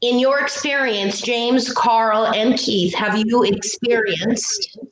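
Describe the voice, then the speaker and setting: A woman's voice: on the high side, takes it slowly. A woman hosting a live telethon, enthusiastically interviewing guests. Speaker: telethon host. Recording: echoey room with faint noise.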